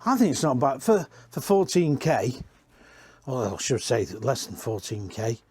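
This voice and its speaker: A man's voice: mid-range voice, sing-song, unhurried, a little mellow, breathy edge. A man giving a casual, rambling walk-around tour inside used caravans, chatting and correcting himself as he goes. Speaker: caravan industry reviewer.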